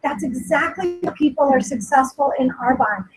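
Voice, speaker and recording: High-pitched woman giving an emotional pep talk. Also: animated, normal speed, music in the background, low-quality recording. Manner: earnest, emotional, emphatic repetition. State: tearful at times. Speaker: company speaker at a sales meeting. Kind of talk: motivational speech.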